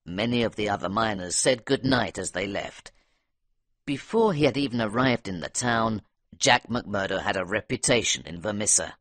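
Expressive male audiobook narrator. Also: lowish voice, normal speed, no echo.

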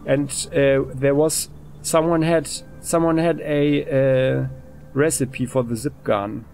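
A man casually commenting on a role-playing game he is playing, thinking aloud in a relaxed way. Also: on the high side, slow pace, faint music behind. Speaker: let's play host.

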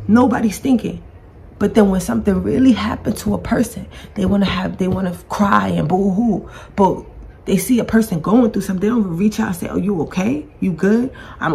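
With a mid-range voice that is creaky and darkish, plus a little hiss or hum, the woman hosts her own podcast on camera. Her personal monologue is blunt and emotional as she grieves near tears, swears, and repeats herself.

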